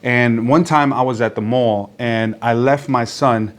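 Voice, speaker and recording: A man's voice: medium pitch, measured pace, slight background noise. A man preaching a sermon who tells a story with energy and acts out the people in it, in front of a congregation. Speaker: pastor.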